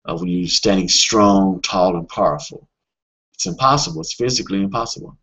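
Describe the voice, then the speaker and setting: A man with a fairly low, husky voice talks through a webinar lesson in a casual coaching tone. He is earnest and often stops on fillers or restarts a sentence. The audio is dull and lo-fi.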